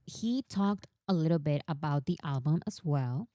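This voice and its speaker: Woman, live-stream host, animated fan chatter, mellow low-ish tone, dry close sound. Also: normal speed, dry recording. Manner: chatty, animated, reads quotes aloud.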